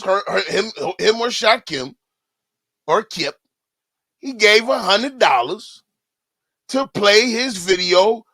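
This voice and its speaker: A man's voice: sits high, sharp tone, dry recording. A man giving profane, rambling live-stream commentary, often breaking off to say "listen". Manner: profane, repetitive, keeps saying "listen".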